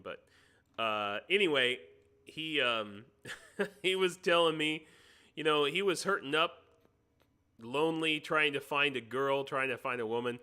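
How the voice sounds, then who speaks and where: An American man hosts a relaxed live stream over a computer mic. His voice is very bright and sharp in tone. He chats loosely, cracks jokes and breaks off to fiddle with his audio settings. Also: medium pitch, clean tone. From United States. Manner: chatty, joking, stops to fiddle with his sound setup. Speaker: livestream host. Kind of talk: casual live-stream chat.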